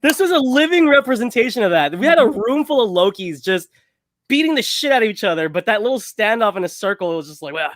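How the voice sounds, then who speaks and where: A man co-hosting a podcast in casual chat, talking in an excitable, rambling way. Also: sits high, fast, no room sound. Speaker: podcast co-host.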